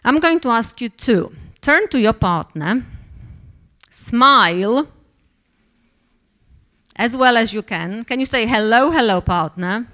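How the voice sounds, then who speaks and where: A woman's voice: on the high side, lively intonation, takes it slowly, long pauses, pushed and bright. A woman leading a teacher training workshop, speaking with many fillers and restarts. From Poland. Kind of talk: workshop presentation.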